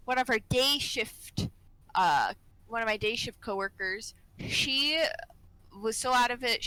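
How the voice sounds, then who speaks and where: A young woman talks casually about her work as a nurse, laughing often and acting out things her patients say. Her voice sits high and sounds bright, and it is recorded dry and close to the mic with no room sound. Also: no echo, low-quality recording. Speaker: nurse, podcast co-host. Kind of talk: casual chat.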